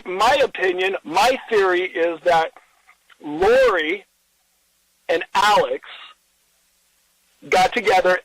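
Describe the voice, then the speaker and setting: A middle-aged man in an interview, telling a personal story in an earnest, halting way, with many restarts and quoted dialogue. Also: high-pitched, gravelly, fairly bright tone, dry recording, poor audio.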